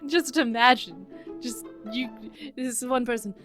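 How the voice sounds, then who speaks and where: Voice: mid-range voice, measured pace, music in the background. A woman co-hosting a podcast, retelling a case from her notes in casual chat and laughing often. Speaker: podcast co-host.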